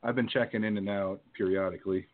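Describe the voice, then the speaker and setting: A man's voice: fairly low pitch, steady tone, fast. A young man co-hosting a podcast, talking in a laid-back, dry way in casual chat. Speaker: podcast co-host. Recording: tinny phone line with faint hiss.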